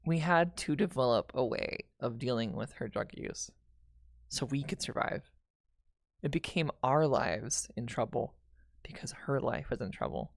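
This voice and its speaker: A woman's voice: rumbling low, animated, a little slow, vocal fry, no room sound, clean studio sound. Candid young woman telling a heavy story. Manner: candid, emotional, swears, restarts often. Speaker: streamer. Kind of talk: casual storytelling on a livestream.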